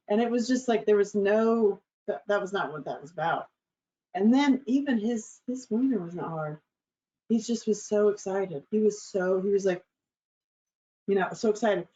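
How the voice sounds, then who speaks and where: A woman's voice: mid-range voice, normal speed, mellow. A woman hosting her show, telling a candid personal story in a bubbly, crude, laughing way. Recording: slightly dull lo-fi recording.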